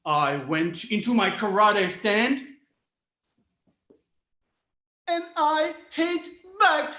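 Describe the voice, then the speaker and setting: A man delivers a dramatic storytelling speech from a contest stage. His voice is expressive and theatrical, swinging widely in pitch, and he speaks slowly with long, deliberate pauses. The sound echoes through a roomy hall.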